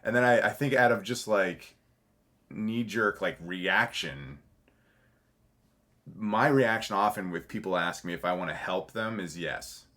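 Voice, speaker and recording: Male actor guest on an interview podcast, very low voice, rambling and candid, swears casually. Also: measured pace, sharp tone. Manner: rambling, self-correcting, swears freely and laughs while telling stories.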